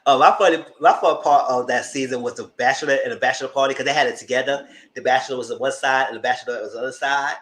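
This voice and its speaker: A TV show reviewer giving a casual recap, animated and laughing, acting out the characters in squealing high voices. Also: rapid-fire. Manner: laughs through the story.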